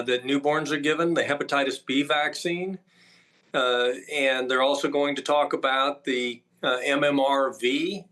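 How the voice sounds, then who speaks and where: A man's voice: mid-range voice, a bit bright. A man speaking as a doctor who is an interview guest, emphatic and listing his points one after another with frequent "uh" fillers.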